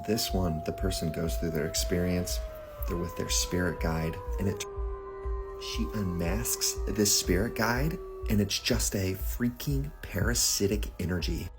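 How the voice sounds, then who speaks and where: A man talking casually to his viewers in a vlog, chatty and often checking in with them. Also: low-pitched. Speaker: social media creator.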